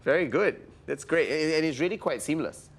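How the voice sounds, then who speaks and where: A man presenting a travel documentary, curious and polite, with measured, reflective speech. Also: on the high side. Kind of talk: presenter talk and reflective voice-over.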